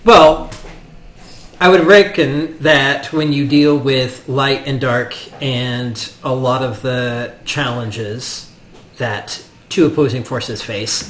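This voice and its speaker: A man's voice: mid-range voice, a bit bright, natural voice. A man voicing an earnest young male student who lays out his reasoning at length. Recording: roomy room with faint noise.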